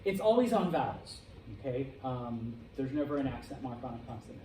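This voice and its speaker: A man's voice: mid-range voice, sing-song, brisk. A middle-aged man teaching a Spanish class, lecturing and checking in with "okay?" after nearly every point. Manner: checks in with "okay?" and "all right?" often. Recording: echoey classroom, from far off, faint noise.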